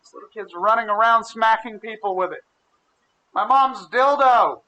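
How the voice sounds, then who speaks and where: Animated crude storyteller, high bright voice. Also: male voice, moderate pace, a little hiss or hum, rough recording. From Ohio. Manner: crude, animated storyteller who acts out quotes. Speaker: podcast co-host. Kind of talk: casual storytelling chat.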